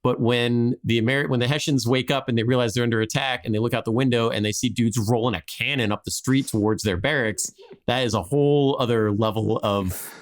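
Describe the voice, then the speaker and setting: A man's voice: mid-range voice, a little fast. A man hosting a podcast, telling a history story in a rambling, casual way with frequent restarts and laughs.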